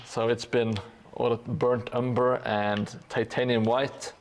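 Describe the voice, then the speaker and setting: Slow, gravelly male streamer, halting. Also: mid-range voice, flat delivery, a little hiss or hum. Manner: halting, with many hesitations; dry sarcastic humor. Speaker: hobby streamer painting a gaming board. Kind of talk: casual live-stream chat while painting.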